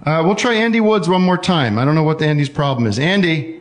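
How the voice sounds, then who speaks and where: A man's voice: on the high side, expressive. Rambling man hosting a call-in show. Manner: rambling, halting with many restarts and fillers. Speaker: podcast host taking calls. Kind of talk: casual call-in chat.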